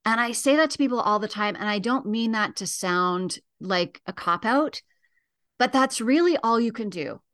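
A woman grief educator, a guest on a radio talk show, explaining things in a calm, earnest way. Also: fairly high pitch, normal speed. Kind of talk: radio interview.

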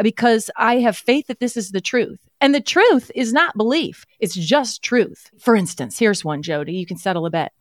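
A woman's voice: fairly high pitch, no room sound, clean studio sound, natural voice. A woman playing an earnest, folksy Christian mother who hosts a talk show and nitpicks word choices, on an improvised comedy podcast. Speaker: host.

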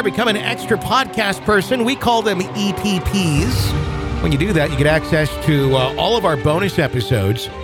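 A middle-aged man hosting a podcast, chatty and rambling as he tells stories in casual talk. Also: a little high. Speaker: podcast host.

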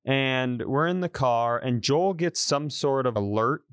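A man co-hosting a podcast spins a long story in casual chat and throws himself into every quoted line. His voice sits at a middling pitch, recorded close and dry with no room sound. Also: a little slow, smooth, no room sound. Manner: animated storyteller, acts out quotes. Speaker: podcast co-host.

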